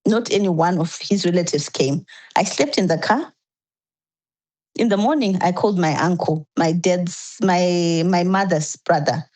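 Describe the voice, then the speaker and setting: A woman's voice: lowish voice, measured pace, darkish tone, rough recording. A woman as a podcast guest, earnestly recounting a painful personal story step by step, often restarting her sentences.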